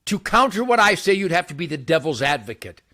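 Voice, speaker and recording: An older man hosting his own show, ranting boastfully to camera by a campfire outdoors, with wild swings between shouting and muttering. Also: sing-song, fairly quick. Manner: brash, boastful, loud swings in pitch and volume.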